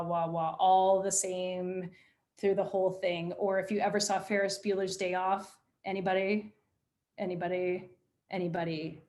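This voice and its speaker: A woman leading an online workshop on presentation skills, speaking in an energetic, demonstrative way over a video call. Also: medium pitch. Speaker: presentation coach.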